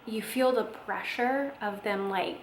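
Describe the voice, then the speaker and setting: A woman's voice: mid-range voice, measured pace, a little hiss or hum. Chatty young woman in an echoey room. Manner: chatty, many fillers, acts out quoted voices. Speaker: vlogger telling her birth story. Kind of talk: casual storytelling.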